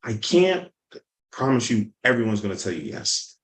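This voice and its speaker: Animated man coaching with lively energy. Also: lowish voice, moderate pace, echoey room, poor audio. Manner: energetic, storytelling, acts out quotes. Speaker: sales coach. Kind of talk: motivational teaching talk.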